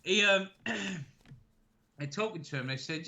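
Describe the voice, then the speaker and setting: A man with a bright, forward voice is chatting casually over beers. He tells stories in an easygoing, meandering way, swearing freely. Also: on the high side, animated, unhurried, long pauses, muffled recording. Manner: laid-back storytelling, swears freely. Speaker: co-host.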